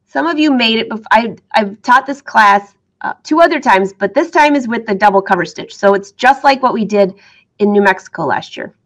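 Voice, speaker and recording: A middle-aged sewing teacher chats upbeat and casually to her viewers in an animated, rather high voice at normal speed. She has the hiccups and keeps fighting them while laughing often.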